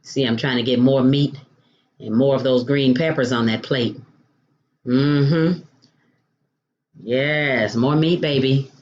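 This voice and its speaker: This cooking host has a very deep, darkish voice and takes her time, pausing often. She's playful and chatty during her home cooking demo, calling viewers honey and baby and exclaiming over the food, though the audio's highs are cut off.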